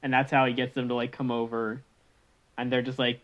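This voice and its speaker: A man's voice: medium pitch, flat delivery, fairly quick, fairly bright tone. A man riffing on a podcast in loose, casual chat, laughing as he goes and sometimes slipping into goofy voices. His sound is a bit muffled and lo-fi. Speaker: podcast co-host. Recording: slightly dull lo-fi mic.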